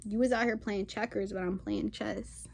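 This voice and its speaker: A woman who hosts a spiritual channel rants unscripted to camera, sassy and defiant, using casual slang and emphatic repeated phrases. Her mid-range voice is gravelly and steady at a moderate pace, with a little hiss or hum in the background.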